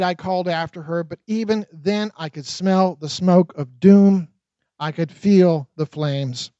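A man narrating his own memoir in an expressive, dramatic audiobook reading. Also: a little high, a little slow, no echo. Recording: dull, lo-fi dry recording.

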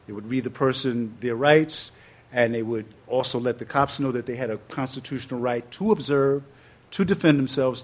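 A man, telling a personal story in an interview and acting out quotes in loud, high bursts. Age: 60s. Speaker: interview guest.

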